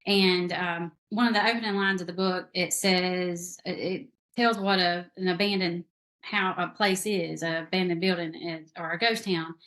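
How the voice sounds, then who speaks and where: A woman's voice: on the low side, fairly even intonation, normal speed, a bit bright. A woman author with a South Carolina accent, a guest on a podcast, talking casually and rambling with many fillers. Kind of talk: casual interview chat.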